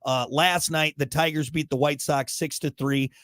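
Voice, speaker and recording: A man's voice: a little high, steady tone, normal speed, a bit bright, no echo, studio quality. A man co-hosting a casual morning show, joking and rambling through sports news. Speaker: radio show co-host.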